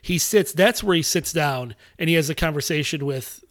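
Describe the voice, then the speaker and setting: A man with a slightly high voice in a relaxed podcast chat, jumping in to fill in plot details and correct his co-host. He talks in a casual, conversational way. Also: normal speed, no echo. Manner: chiming in with corrections and added detail.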